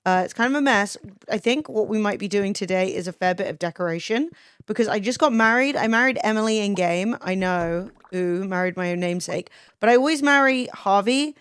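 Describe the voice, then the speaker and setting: A woman's voice: medium pitch, smooth, dry recording, studio quality. A young woman streaming a farming game, talking casually with chat, swearing freely and reading comments aloud.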